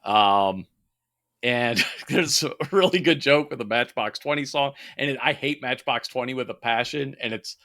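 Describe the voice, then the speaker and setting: During a casual podcast conversation, a co-host in his thirties enthusiastically recommends a film, with plenty of profanity. His medium-pitched voice keeps a normal speed.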